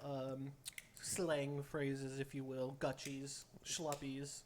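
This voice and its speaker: A man's voice: medium pitch, little pitch movement, slow, slight background noise. A man co-hosting a casual talk show, joking and teasing with crude language. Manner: teasing banter, swears. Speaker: co-host. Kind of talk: casual chat.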